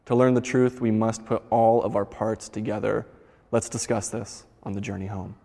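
A man's voice: lowish voice, little pitch movement, moderate pace, vocal fry, mellow, in a large hall. A man voicing an earnest, reasonable blind man who speaks persuasively.

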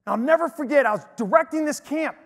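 A man preaching to an audience in an energetic, emphatic storytelling way. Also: extremely high pitch, quick pace. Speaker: speaker. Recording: long hall reverb.

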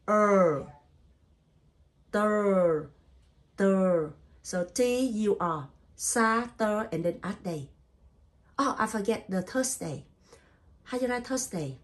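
A woman teaching English spelling in a patient way, sounding out letters and syllables one by one and repeating each word, with simple non-native grammar. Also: mid-range voice. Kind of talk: spelling lesson.

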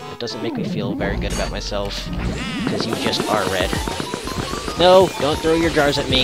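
A man narrates his video game play in a loose, rambling way, dropping sarcastic asides. His voice sits at a medium pitch. Game music plays clearly underneath. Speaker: let's play commentator. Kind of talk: casual gameplay commentary.

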